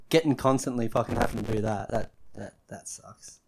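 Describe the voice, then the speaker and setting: A man's voice: mid-range voice, a little slow, vocal fry, noisy background. Man, podcast co-host, blunt, swears a lot, casual banter. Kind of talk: casual chat.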